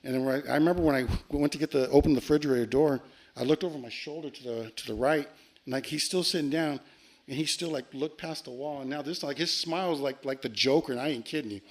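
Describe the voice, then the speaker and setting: A man telling a long ghost story on a podcast, animated and profane, acting out the lines he quotes. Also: a little high, fast talker. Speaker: podcast guest. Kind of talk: casual storytelling.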